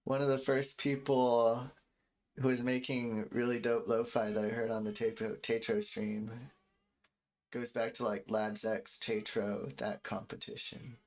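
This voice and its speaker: Here a thirties-aged music producer talks in a mid-range, level voice at a measured pace. It's relaxed livestream banter as he makes a beat, wandering from thought to thought, while faint music plays underneath.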